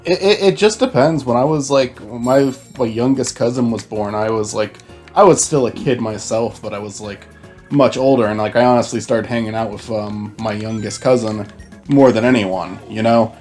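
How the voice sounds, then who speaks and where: A man's voice: mid-range voice, normal speed, darkish tone, soft background music. A man hosting a casual gaming chat, rambling with many restarts. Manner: rambling, full of fillers and restarts. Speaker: host and gamer.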